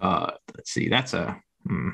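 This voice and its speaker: Lively, bright-voiced male player. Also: deep voice, a little slow, vocal fry, husky. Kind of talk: casual tabletop play.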